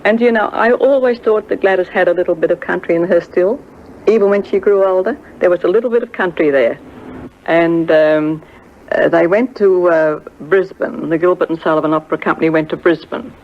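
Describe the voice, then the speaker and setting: A woman's voice: lowish voice, a little fast, dull audio, a little hiss or hum. An older woman telling a story about a singer she knew, hesitant and full of fillers, acting out what others said. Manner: hesitant, many fillers, acts out quoted voices. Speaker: friend recalling a singer. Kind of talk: reminiscing anecdote.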